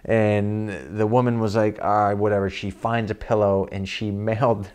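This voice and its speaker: A man's voice: fairly low pitch, fairly even intonation, unhurried, a little mellow, clean tone. A man telling a funny personal story, chuckling often as he talks. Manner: amused, chuckling as he tells it. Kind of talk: comic personal anecdote.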